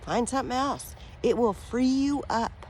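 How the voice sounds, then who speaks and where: A woman talking straight to her viewers as a spiritual vlogger, earnest and affectionate, rambling with fillers and soft laughs. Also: a little high, animated, measured pace, a little hiss or hum. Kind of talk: heartfelt direct-to-camera talk.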